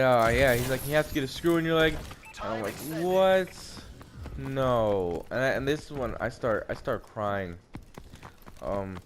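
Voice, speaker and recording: A young man, likely a teen, telling a personal story while gaming, halting and repeating words, swearing now and then. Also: mid-range voice, noisy background. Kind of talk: casual storytelling over gameplay.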